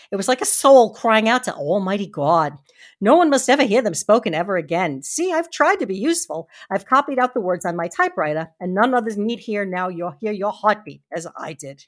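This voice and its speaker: A woman reading the lines of a brave, earnest young Victorian wife in her own voice. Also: fairly low pitch. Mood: tender. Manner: earnest reading, lively intonation.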